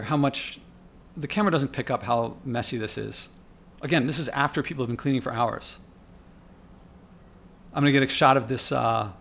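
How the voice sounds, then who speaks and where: A man's voice: a little high, fairly bright tone. A man talking over his own footage in an indignant, rambling way, thinking aloud with restarts and getting worked up. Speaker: vlogger. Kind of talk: casual narrated commentary over park footage.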